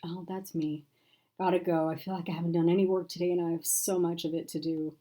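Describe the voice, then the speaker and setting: A woman reads a tired, ashamed woman friend who speaks in a hushed, sighing way. The voice sits low and mellow, quiet and subdued throughout. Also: little pitch movement, fast talker, close to an everyday voice, low-quality recording. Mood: hurried. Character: weary remorseful woman friend, soft-spoken.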